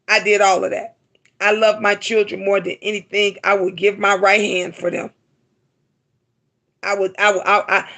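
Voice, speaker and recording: A woman's voice: medium pitch, sharp tone. A middle-aged woman hosting a live stream, talking to her viewers with emotion and often repeating herself for emphasis. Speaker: livestream host.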